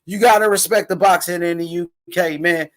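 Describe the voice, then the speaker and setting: A young man who hosts a channel reacts live and casually to a boxing fight as commentator, hyping the fighters in slang and repeating himself. His voice sits high and a bit bright, with fairly even intonation and a brisk pace.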